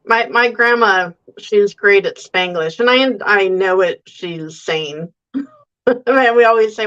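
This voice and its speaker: A woman's voice: medium pitch, unhurried, fairly bright tone, highs cut off. A woman author talking as a guest in a casual chat, wry and joking, laughing often.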